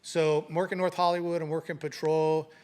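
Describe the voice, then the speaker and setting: His voice is clear and resonant, pitched on the high side and a little fast. A middle-aged retired police sergeant, he relates an anecdote in a casual interview, lively and voicing each quoted person.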